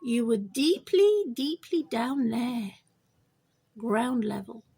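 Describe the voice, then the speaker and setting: A woman's voice: big pitch swings, slow, gravelly, mellow, slightly rough. A woman rambling to camera about her pet bird, repeating herself and turning to talk straight to the bird. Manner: rambling, repetitive, talks to her bird in a high sing-song. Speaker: pet owner vlogger.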